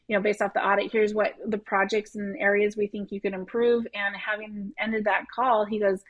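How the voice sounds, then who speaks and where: A woman working as an HR consultant, a guest on a podcast, telling stories in a quick, upbeat way and acting out how her clients react. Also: medium pitch, little pitch movement, highs cut off. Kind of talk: casual conversational interview.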